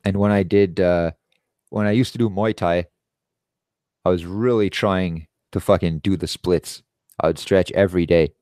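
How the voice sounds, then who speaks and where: A man's voice: deep voice, moderate pace, smooth, no room sound, clean studio sound. A man in his thirties hosting a live stream, telling long profane anecdotes in a rambling casual way and acting out the other people in them. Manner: profane, animated storytelling with quoted voices.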